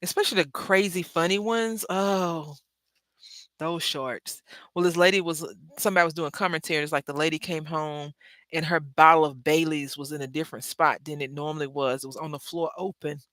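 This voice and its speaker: A woman's voice: deep voice, fairly even intonation, fairly quick, a bit bright, no echo. Chatty woman hosting a craft stream. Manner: chatty, rambling, self-correcting, addresses viewers as y'all. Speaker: craft livestream host. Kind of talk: casual craft livestream chat.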